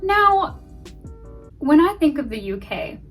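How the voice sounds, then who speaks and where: Female vlogger, rambling and self-deprecating play-by-play, slightly high voice. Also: sing-song, slow pace, a bit bright, far from the mic, soft background music. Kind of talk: casual gameplay commentary.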